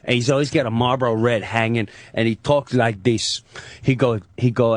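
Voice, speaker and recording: A man telling a comic story, excitable and profane, acting out the people in it. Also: mid-range voice, normal speed, dry recording. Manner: excitable, profane, restarts and acts out voices. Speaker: comedian guest.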